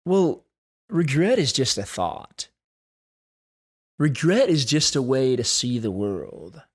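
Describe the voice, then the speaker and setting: A man hosting a solo podcast, talking in an earnest, thoughtful way and slowing down to stress key points. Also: mid-range voice, very animated, slightly rough. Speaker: podcast host. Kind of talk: reflective solo podcast talk.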